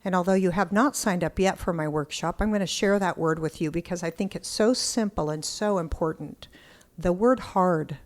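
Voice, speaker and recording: A middle-aged woman telling a story as a podcast guest, excitable and blunt, cursing now and then. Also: on the low side, brisk, hardly any pauses. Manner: excitable, animated storyteller who acts out quotes. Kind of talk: casual interview storytelling.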